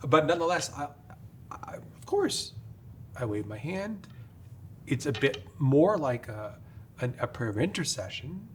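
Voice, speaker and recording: Measured, careful middle-aged priest. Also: male voice, medium pitch, big pitch swings, fairly bright tone, a little hiss or hum. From upstate New York. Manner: measured, careful, many "uh" fillers. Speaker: priest, guest. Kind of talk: podcast interview, explanatory.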